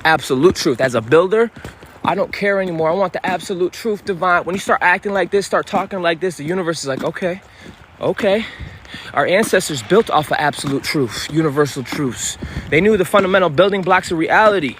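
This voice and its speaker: A man's voice: high voice, brisk, a bit bright. A man giving an intense, profane, confrontational motivational monologue outdoors by a street. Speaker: spiritual vlogger. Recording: street noise behind.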